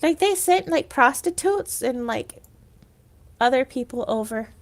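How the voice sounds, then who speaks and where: A woman's voice: high voice, lively intonation, a little slow. A woman livestreamer chatting casually with viewers, rambling and sometimes trailing off into whispers.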